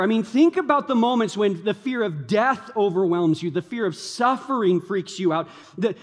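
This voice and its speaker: A man preaching a sermon as a pastor, telling stories in an animated way and leaning on "like" as a filler. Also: sits high. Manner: animated storytelling, many fillers like "like". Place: church sanctuary. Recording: long hall reverb.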